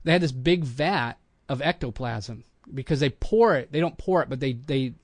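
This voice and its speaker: Animated storytelling man, dry sound. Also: medium pitch, normal speed, no echo. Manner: animated anecdote-telling, acts out quotes. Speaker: podcast host, voice actor. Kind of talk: casual storytelling chat.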